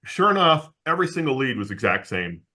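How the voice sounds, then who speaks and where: A man being interviewed as a guest, telling a story from his work in a lively way, with frequent laughs and restarts, and acting out the people he quotes. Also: mid-range voice, brisk. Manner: animated storyteller who acts out the people he quotes. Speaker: guest, insurance agency owner.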